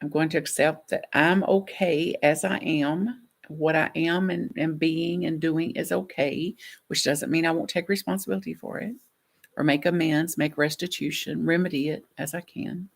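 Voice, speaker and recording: Low gravelly woman giving a gentle sermon. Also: fairly even intonation, moderate pace. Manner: gentle, reflective, with soft laughs. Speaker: minister.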